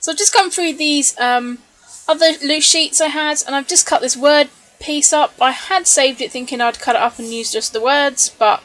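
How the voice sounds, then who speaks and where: A woman's voice: high-pitched, normal speed. Chatty woman narrating crafts. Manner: chatty, relaxed, with many ums and little laughs. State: tired late at night. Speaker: scrapbooking vlogger. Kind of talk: voice-over narration of a crafting process video. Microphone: voice-over recorded separately from the video.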